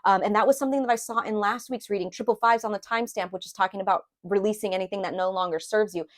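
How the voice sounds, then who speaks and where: A woman's voice: mid-range voice, steady tone, rapid-fire. Rambling, confiding woman tarot reader. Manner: rambling and confiding, with many fillers and restarts; emotionally open, talks about her own feelings. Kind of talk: casual spoken tarot reading.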